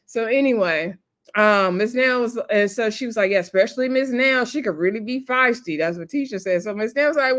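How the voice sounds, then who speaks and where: A woman reviewing TV casually recaps a reality show episode, chatting, laughing often, and acting out cast members' lines. Her voice is a little high and a bit bright, and she speaks a little fast.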